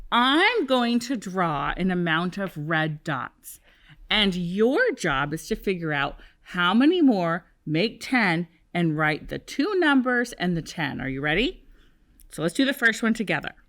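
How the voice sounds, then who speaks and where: This is a woman teaching kindergarten on a televised lesson, using a slow, sing-song repeat-after-me approach with the young kids. Her pitch is very lively, and she paces herself deliberately.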